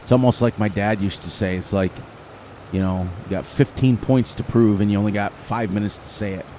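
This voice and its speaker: Speaking on the low side in a steady, dark tone, this upstate New Yorker hosts a gaming channel, chatting through gameplay, laughing readily and breaking into bits of song. A little hiss or hum is audible.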